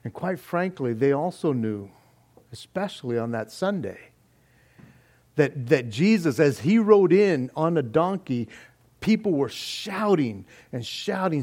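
Middle-aged pastor, deliberate unhurried delivery, earnest teaching tone, slightly high voice. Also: male voice, expressive, a little mellow. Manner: earnest, emphatic teaching with scripture reading. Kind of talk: expository sermon.

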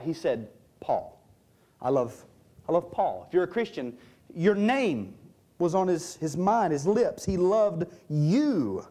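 Male preacher, sermon delivery, slightly high and warm voice, emphatic scripture teaching. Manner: emphatic, stresses key words, reads and explains scripture.

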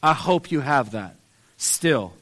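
A man's voice: mid-range voice, lively intonation, slow pace, a bit bright. A man preaching a sermon, earnest and pleading, building emphasis on repeated phrases.

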